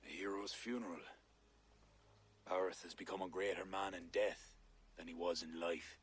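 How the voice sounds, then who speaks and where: An actor playing a stern, proud king who speaks in a grave, measured way in a video game. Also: low voice, fairly even intonation, breathy edge. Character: stern older male king, gruff and proud.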